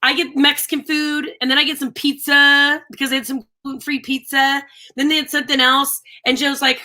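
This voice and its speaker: A woman co-hosting a live stream, chatting casually and telling animated, ranting stories. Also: high-pitched, normal speed. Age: adult with a daughter. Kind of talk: casual chat.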